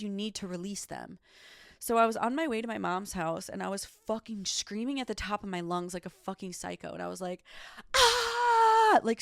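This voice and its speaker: Solo woman podcaster: gravelly, fry-heavy voice, casual and profane, dry close sound. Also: medium pitch, no room sound. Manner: emphatic, swears often, leans on "like" and "okay". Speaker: podcast host. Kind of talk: candid solo podcast chat.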